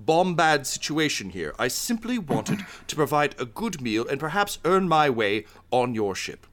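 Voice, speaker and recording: A man's voice: fairly high pitch, big pitch swings, measured pace, a bit bright, pitched above the performer's own voice. A man voicing a prim male alien chef who is flustered and overly polite.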